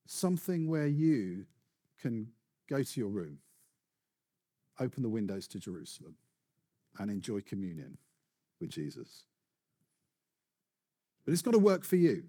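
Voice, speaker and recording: A man preaching a sermon with animated, building emphasis and rhetorical questions. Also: on the low side, unhurried, long pauses, slightly rough.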